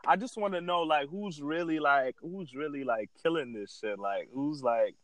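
A man's voice: a little high, moderate pace, no room sound. A man of Haitian background chatting casually as a podcast co-host, telling stories animatedly. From Haitian family. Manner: animated storyteller, mimics people in a raised voice. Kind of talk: casual chat. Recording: dry close sound.

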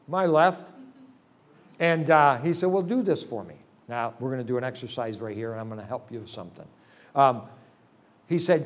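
At a church service, a man with a fairly high, darkish voice preaches a revival sermon to the congregation. A folksy, joking storyteller, he leads the audience through a hands-on exercise.

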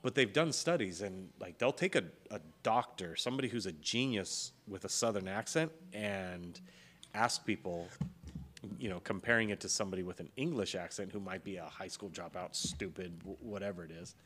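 Californian man, podcast host, low voice, unhurried and wry. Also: fairly bright tone. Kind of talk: casual chat.

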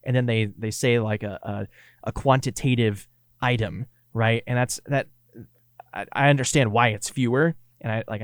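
A Kansas-accented man chatting loosely about a broadcast, trailing into restarts and quick laughs. His voice sits mid-range and close to the mic in a dry, dead-sounding room. Easygoing radio co-host talk. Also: medium pitch, no echo. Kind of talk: casual chat.

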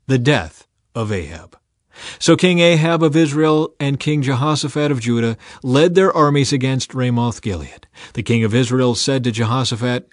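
A man reads scripture aloud in a steady, measured way. His voice sits in an ordinary middle range. The recording is dry and close, with no room sound. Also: medium pitch, no echo. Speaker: scripture reader.

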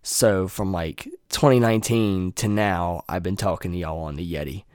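Talking loosely to his viewers through a USB desktop microphone, this young man swears freely from a home room. He has a low, steady, slightly mellow voice at a normal pace, and the recording is dry and clean like a studio.

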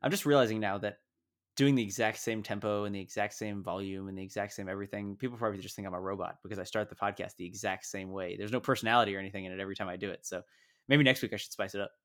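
A man's voice: on the low side, steady tone, fairly bright tone. A young man hosting a faith podcast in casual, joking chat with two friends. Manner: joking, quick and bantering. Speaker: podcast host.

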